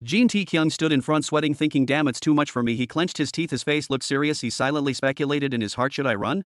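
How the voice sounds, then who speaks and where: Fast-talking male story narrator. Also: on the high side, dry recording, clean studio sound.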